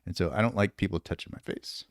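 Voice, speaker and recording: A deep-voiced American man who served in special operations talks fast, laughing a lot as he rambles through profane stories on a casual podcast interview. There's no echo.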